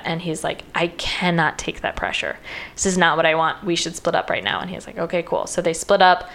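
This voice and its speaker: Woman, casual chat, slightly low voice, lots of "like", acts out quotes. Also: moderate pace, gravelly, fairly bright tone, a little hiss or hum. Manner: chatty, uses lots of "like", acts out quoted lines. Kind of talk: casual retelling of a film plot.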